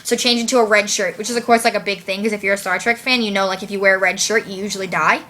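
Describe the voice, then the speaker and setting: A woman's voice: medium pitch, flat delivery, very fast, pushed and bright, a little hiss or hum. A woman recapping a movie in a casual, slangy vlog, full of "like" and swearing. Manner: chatty, slangy, heavy use of "like", swears. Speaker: vlogger.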